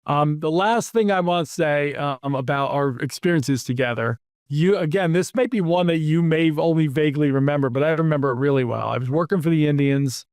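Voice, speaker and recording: A man hosting an interview, telling lively anecdotes about his PR career and acting out the quotes. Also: fairly high pitch, a little fast, no echo, clean studio sound. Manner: animated anecdotes, acts out quotes. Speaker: podcast host, PR executive. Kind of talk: casual storytelling interview.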